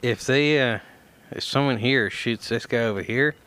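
A man's voice: medium pitch, moderate pace, fairly bright tone. A man co-hosting a podcast in casual chat, throwing in dry, teasing jokes. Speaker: podcast co-host.

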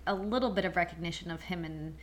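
A woman with a fairly low voice co-hosts a relaxed podcast conversation. She talks in a measured, unhurried way, often pausing on "um" and moving the discussion along with questions. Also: a little hiss or hum. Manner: measured, steers the talk with questions, frequent "um" pauses. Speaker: podcast co-host.

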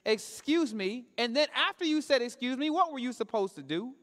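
High-voiced pastor in a reverberant church. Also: male voice, animated, a little fast, fairly bright tone. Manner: conversational preaching with call-and-response questions. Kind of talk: sermon. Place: church sanctuary.

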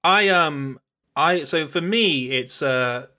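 A man's voice: on the high side, slow pace, bright, forceful tone. A man hosting a podcast, chatting casually and rambling through his thoughts. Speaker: podcast host.

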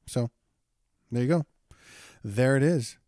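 A man's voice: mid-range voice, takes it slowly, dark tone, no room sound, studio quality. A young man co-hosting a casual sports podcast, jokey and hyped, repeating phrases for effect. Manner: jokey, hype-driven, repeats himself. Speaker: podcast co-host.

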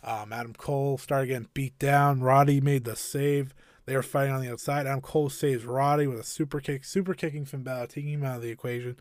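A man's voice: medium pitch, fairly even intonation, quick pace, dry recording, clean studio sound. A man hosting a wrestling review podcast, talking in an enthusiastic, rambling way. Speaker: podcast host.

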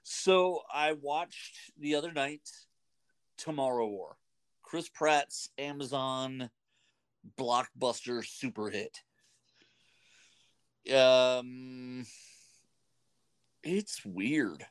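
A man's voice: medium pitch, very slow, pauses often, clean tone. A man hosting a radio show, rambling casually with many fillers. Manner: rambling, chatty, lots of fillers. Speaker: radio host. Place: radio studio.

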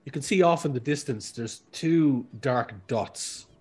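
A man's voice: medium pitch, a little slow, a little mellow, slightly rough. A man narrating as game master in a tabletop game, loose and rambling with many fillers.

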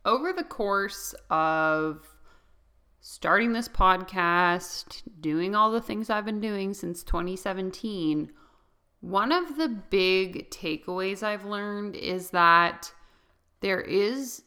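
A young woman hosts her own podcast, talking solo and unscripted, rambling along and laughing often. Her voice sits at medium pitch and is animated but slow, with a sharp, clear, resonant tone.

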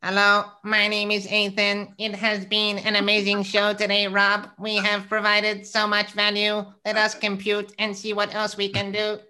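Man doing a robot voice, male robot, monotone, smooth and crisp. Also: high-pitched, moderate pace, hardly any pauses, pitched above the performer's own voice. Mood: mechanical. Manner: flat monotone robotic delivery.

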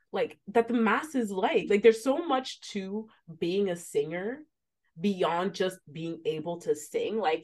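A woman in her twenties co-hosting a podcast, talking candidly in a casual, animated way. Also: lowish voice. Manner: candid, animated, ranting with laughs. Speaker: podcast co-host.

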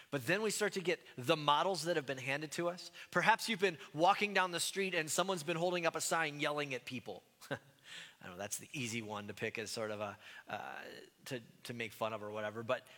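A man from the United States preaching a sermon in a conversational, self-deprecating way, with animated asides. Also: fairly high pitch, long reverb tail. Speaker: pastor.

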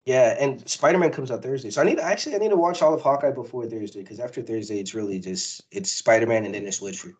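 A man co-hosting a casual pop-culture podcast, talking excitedly and rambling with frequent laughs. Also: medium pitch, fast, few pauses, slightly rough, poor audio. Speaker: podcast co-host. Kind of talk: casual chat.

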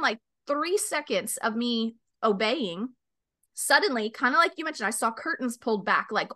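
Bright, animated woman storyteller. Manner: animated storyteller, acts out voices with big pitch jumps. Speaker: podcast host. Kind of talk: casual chat, storytelling.

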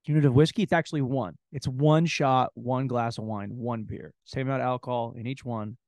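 A man hosting a solo comedy podcast, telling crude, rambling stories in an animated way. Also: mid-range voice, fairly quick, dry recording. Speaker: podcast host.

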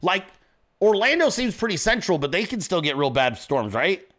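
A man's voice: sits high, very animated, normal speed, a bit bright. A man hosting a political commentary show, blunt and crude, ranting at his audience in casual speech. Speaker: show host.

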